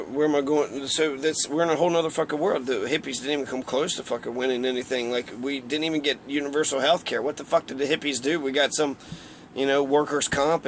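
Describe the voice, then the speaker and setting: A man's voice: medium pitch, a little hiss or hum. A man giving a casual, heated political rant, rambling and swearing often. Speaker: political commentator.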